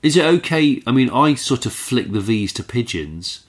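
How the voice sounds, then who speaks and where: A man's voice: medium pitch, sing-song, normal speed. A man co-hosting a podcast, chatting casually and playfully, joking with his co-host. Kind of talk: casual chat. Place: caravan.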